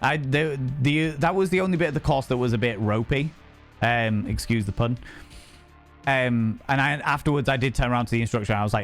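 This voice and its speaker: Animated, foul-mouthed male streamer. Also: medium pitch, fairly quick, soft background music. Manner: animated, swears freely, acts out quoted speech. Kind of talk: casual chat stream storytelling.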